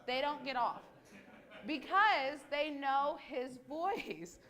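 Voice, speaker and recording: A woman leading a children's message in church, asking gentle questions and closing in prayer. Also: high voice, lively intonation, slow pace. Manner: gentle, conversational, asks questions. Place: church sanctuary.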